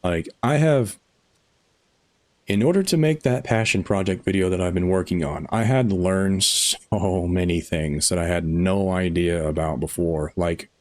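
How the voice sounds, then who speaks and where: A man's voice: low voice, a little slow. A man live streaming a game, chatting casually with his viewers in a rambling, chuckling way, tired after hours on air.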